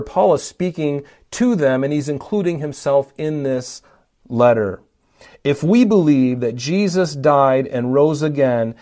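A man's voice: on the high side, darkish tone. A man preaching a Bible-teaching sermon, emphatic, often saying "notice" and asking his listeners questions.

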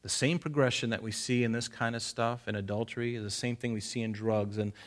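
A man's voice: medium pitch, fairly even intonation, a little fast. A man preaching a conversational Bible-study sermon, folksy, repeating phrases for emphasis and telling listeners to underline verses. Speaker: pastor.

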